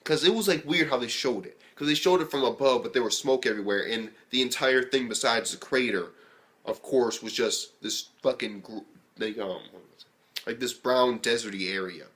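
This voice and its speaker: A young man casually reviewing an anime episode, excitable and rambling, swearing freely and filling his talk with "like". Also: medium pitch, moderate pace. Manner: excitable, profane, rambling with lots of fillers.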